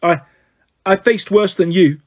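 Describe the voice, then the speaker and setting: A clever teenage girl, shaken and stammering, her voice lifted high and urgent in a storybook reading. A man puts her on with a husky, raised pitch. She pushes her words out fast and worried. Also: expressive. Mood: anxious.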